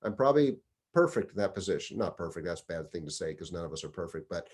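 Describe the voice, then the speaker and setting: A man's voice: sits low, very animated, fast talker, darkish tone, slightly rough. A middle-aged man, a deputy fire chief, giving career advice in a conversational, storytelling way. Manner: conversational storyteller, acts out quoted dialogue. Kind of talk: casual advice talk.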